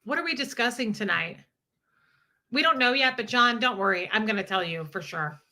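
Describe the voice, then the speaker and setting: A woman's voice: a little high, lively intonation, moderate pace, pushed and bright. A woman hosting a casual livestream, bubbly and giggly, reading out viewer messages. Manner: bubbly, giggly, reads viewer super chats. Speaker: livestream host.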